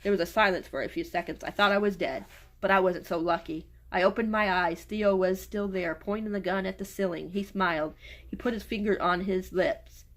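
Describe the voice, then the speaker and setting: A woman's voice: mid-range voice, a little fast. A woman book reviewer reading a novel aloud and retelling it in a casual way, stumbling and restarting over words.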